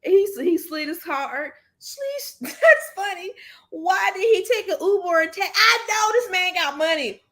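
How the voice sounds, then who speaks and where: A woman's voice: very high voice, lively intonation, measured pace, pushed and bright. A woman hosting a casual commentary chat, joking and laughing often. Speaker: host.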